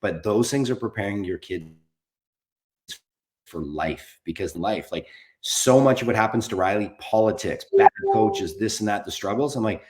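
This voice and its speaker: This podcast guest, a man in his forties who produces documentaries, speaks at a moderate pace in a lowish voice. He's candid, somewhat rambling and casually profane, and the room adds echo.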